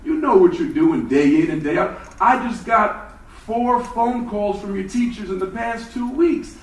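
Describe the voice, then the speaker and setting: A man's voice: sits high, expressive, measured pace, voice pushed up. A stern, serious father scolds his son with weary reproach, as a man puts him on. He is heard through the echo of a large hall, from far away.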